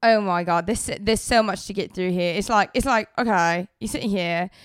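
A woman playing a rowdy, foul-mouthed British woman judge with a crude, loud manner in an improvised comedy podcast. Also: mid-range voice, normal speed, smooth, no room sound, clean studio sound, close to an everyday voice. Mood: mocking.

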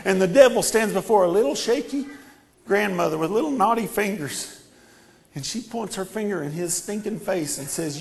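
A man with a notably high voice delivers a sermon. He swings from hushed storytelling to fervent, repeated declarations. His delivery builds to shouts. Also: lively intonation, moderate pace, vocal fry. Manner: impassioned, building to shouted repetitions. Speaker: preacher.

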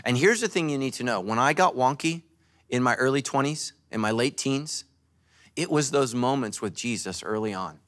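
Lively, joking male pastor preaching. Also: medium pitch, moderate pace. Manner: animated, joking, storytelling preacher. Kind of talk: sermon. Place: church service.

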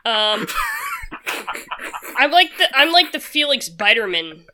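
A woman's voice: fairly high pitch, sing-song, takes it slowly, background noise. A woman in her twenties co-hosting a podcast, self-mocking and giggly. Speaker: podcast co-host. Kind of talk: casual chat.

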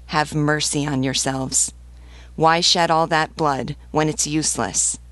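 A woman's voice: low voice, fairly even intonation, a little slow, a bit bright, dry recording. A woman reading as a grave, pleading revolutionary priest. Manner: solemn, earnest pleading.

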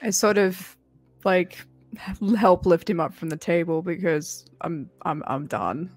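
A woman's voice: on the low side, a little slow, faint music behind. A woman playing a tabletop role-playing game, playful and laughing, speaking for her character. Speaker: player.

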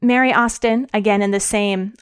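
A woman's voice: medium pitch, fairly even intonation, normal speed, smooth. A middle-aged woman reading her audio blog as a podcast host, cheerful and earnest.

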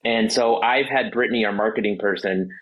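A trial attorney speaking as a guest, his low voice a little husky. He talks in an emotional, halting way and stumbles through restarts and fillers. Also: a bit bright, low-quality recording. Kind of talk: casual interview talk.

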